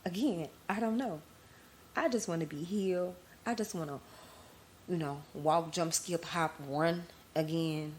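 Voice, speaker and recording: A woman's voice: on the low side, a little slow, a little mellow, a little hiss or hum. A woman hosting her own podcast, talking candidly and emotionally, speaking straight to her listeners. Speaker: podcast host. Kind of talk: personal podcast monologue.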